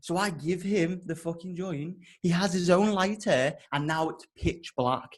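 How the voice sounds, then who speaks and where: Young man, podcast host, casual storytelling, animated, sweary, slightly high voice. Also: a little slow. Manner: animated, swears often, rambling.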